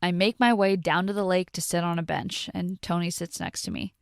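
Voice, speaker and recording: A woman reading a first-person story in a steady, intimate narration. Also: on the low side, brisk, vocal fry, clear, resonant tone, no room sound, clean studio sound.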